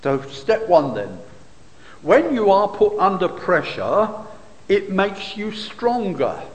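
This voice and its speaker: A man delivers a sermon at an unhurried, measured pace, walking through scripture and posing rhetorical questions. His voice sits high and swings widely in pitch. The long reverb of a large hall trails after his words. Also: big pitch swings. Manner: expository, rhetorical questions, occasional fillers. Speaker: preacher.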